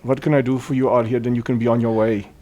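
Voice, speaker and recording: A man voicing an older male human priest who calmly repeats the same polite refusal. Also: mid-range voice, fast, lightly acted. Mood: stiffly polite.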